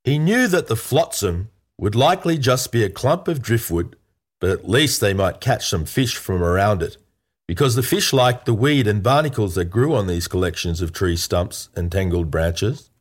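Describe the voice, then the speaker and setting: A man's voice: fairly low pitch, lively intonation, moderate pace, slightly rough. A man narrating a humorous pirate story in a playful, tongue-in-cheek storybook style.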